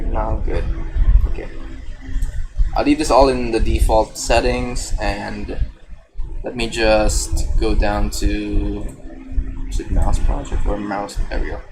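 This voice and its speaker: Slow, casual man streaming game dev. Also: mid-range voice, slight background noise. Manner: casual, thinking aloud with restarts.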